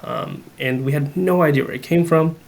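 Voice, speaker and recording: A young podcast guest with a fairly high, creaky voice at normal speed tells a family ghost story in casual conversation. He's animated, acting out the lines he quotes, and leans heavily on "like" and "um."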